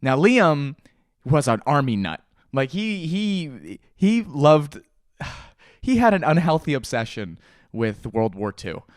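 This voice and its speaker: A man's voice: on the high side, sing-song, takes it slowly, dry recording. Rambling young man, dry close mic. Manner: rambling storyteller, laughs often. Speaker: vlogger. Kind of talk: casual morning chat. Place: at home with a pet. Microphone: mic on a stand.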